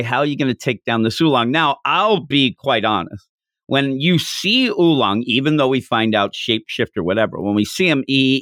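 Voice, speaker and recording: Lively man retelling a story, dry close mic. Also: medium pitch, dry recording. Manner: animated storyteller who acts out the characters' lines. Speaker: podcast host. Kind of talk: casual chat retelling a manga chapter.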